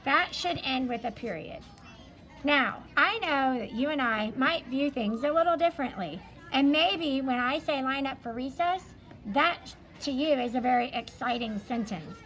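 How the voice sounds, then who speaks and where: A woman's voice: sits high, animated, unhurried, fairly bright tone, poor audio. A woman elementary school teacher going over a study guide, explaining each answer patiently and step by step.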